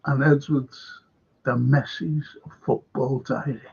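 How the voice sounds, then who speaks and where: This fan football show host has a medium-pitched, creaky voice that's a little mellow and slightly rough, delivered at a measured pace with fairly even intonation. He swears constantly and repeats himself in a heated, angry monologue, and the recording sounds dull and lo-fi.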